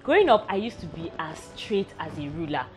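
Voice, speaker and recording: A woman's voice: low-pitched, sing-song, brisk. A young woman, hosting a candid personal vlog in a frank, wry, self-mocking way. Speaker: vlog host.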